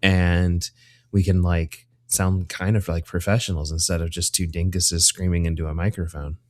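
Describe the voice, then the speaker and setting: A man's voice: sits low, level tone, moderate pace, darkish tone. A man co-hosting a podcast at home, chatting casually and jokingly, rambling with fillers into his own microphone. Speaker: podcast co-host. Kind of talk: casual chat. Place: home room, separate from co-host.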